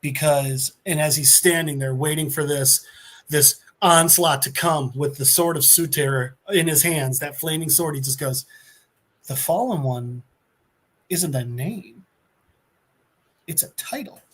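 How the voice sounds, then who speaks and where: A man voicing an ancient, all-powerful tyrant, speaking in a quiet, grave, deliberate way. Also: a little high. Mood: grave menace.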